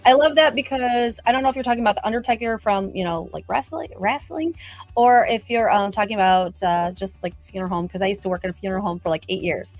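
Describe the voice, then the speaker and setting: A woman's voice: medium pitch, fast, no echo, faint music behind. A middle-aged woman hosting a casual livestream, chatty and bubbly, greeting viewers by name. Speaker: livestream host.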